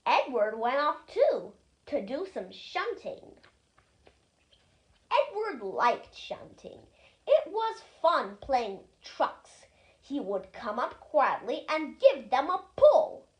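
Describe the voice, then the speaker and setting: High-pitched, slow storybook reader. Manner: lively, expressive read-aloud delivery. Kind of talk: storybook reading aloud.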